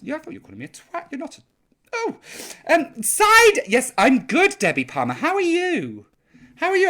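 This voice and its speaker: A woman's voice: fairly high pitch, fairly bright tone. An older woman hosting a live chat stream, reading out viewers' comments in a cheeky, sweary, rambling way, sounding a little tipsy.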